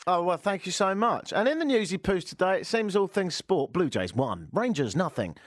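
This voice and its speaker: Lively, sarcastic radio host. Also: male voice, sits high, moderate pace, no room sound, studio quality. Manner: sarcastic, self-mocking rants with mimicked chants. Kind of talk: comic radio talk. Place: radio studio.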